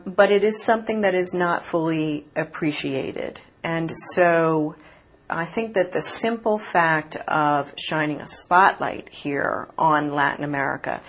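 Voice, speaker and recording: A woman reporter answering interview questions in an articulate, measured way, with occasional fillers. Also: deep voice, fairly bright tone. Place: conference city, remote from host.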